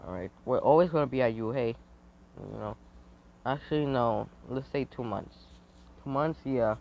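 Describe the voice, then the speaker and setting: A man rambles through an improvised fan story, stopping and restarting his sentences. His voice sits at a middle pitch. The recording is dull and lo-fi. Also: moderate pace, creaky, a little hiss or hum. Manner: rambling, hesitant, with many restarts.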